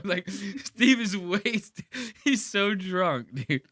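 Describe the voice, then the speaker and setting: A man hosting a podcast, reacting to a clip in profane, animated casual commentary and slipping into voices. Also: sits high, drawn-out words, hardly any pauses, no echo, studio quality. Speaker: podcast host.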